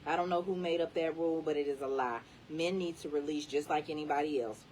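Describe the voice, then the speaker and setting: Reading an inspirational book, a deep-voiced woman talks fast in a slightly mellow tone, stressing her words to lift the listener up. The mic is far from her, the audio is poor, and a faint low rumble hums beneath her.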